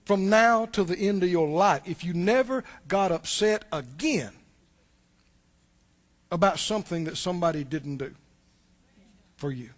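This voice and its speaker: A male pastor preaching a sermon, animated and full of rhetorical questions. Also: sits high, a little slow, long pauses.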